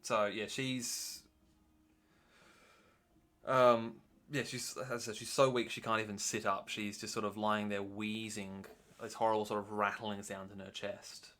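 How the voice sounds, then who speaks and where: A man narrates a tabletop game as its game master, his voice a touch low but bright and forward. He hedges often, filling gaps with ums and "sort of" as he describes the scene. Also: flat delivery, measured pace. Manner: hesitant, lots of ums and "sort of".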